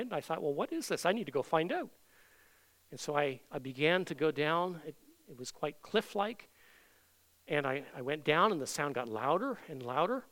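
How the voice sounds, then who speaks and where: A middle-aged man from Canada preaching a sermon in a high voice. His tone is bright and forceful as he builds earnestly to loud peaks. Then he drops to hushed, intimate passages. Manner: earnest preaching, swings from loud proclaiming to soft intimate tones. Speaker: pastor.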